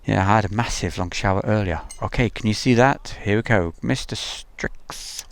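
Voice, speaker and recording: A man's voice: fairly low pitch, moderate pace, vocal fry, a little hiss or hum. A man hosting a casual outdoor live stream, rambling chattily and reading viewer messages aloud. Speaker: livestream host. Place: outdoors at an airfield.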